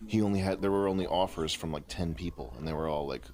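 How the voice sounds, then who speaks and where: A man chatting casually on a stream, telling a story in halting, rambling bits with many restarts. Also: low-pitched, a loud crowd. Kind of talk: casual chat.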